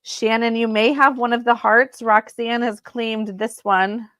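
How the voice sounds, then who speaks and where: Slow, chatty woman selling crystals live. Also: fairly high pitch, steady tone, a bit bright, dry recording, clean studio sound. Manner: chatty, unhurried, many ums. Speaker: crystal seller hosting a live sale. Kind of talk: casual live-sale chat. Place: at home.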